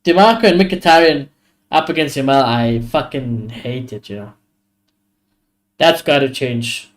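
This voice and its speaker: A man's voice: mid-range voice, measured pace. A man hosting a live football watchalong stream, giving blunt, opinionated reactions and swearing often.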